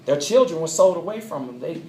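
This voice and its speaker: A man giving an animated talk to a live audience in a coffeehouse, drawing answers from the listeners. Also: on the high side, a little fast, a little hiss or hum. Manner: animated, draws answers from the crowd. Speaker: speaker. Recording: echoey room with loud ambience.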